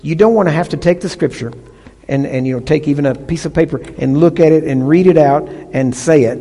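A man's voice: a little high, brisk, dark tone. Emphatic preacher man in a reverberant hall. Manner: emphatic teaching with call-and-response checks. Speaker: pastor. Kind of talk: sermon.

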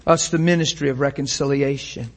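A man's voice: medium pitch, fairly even intonation, fairly quick. A man preaching a sermon with passion, firing rhetorical questions and acting out the scenes he describes.

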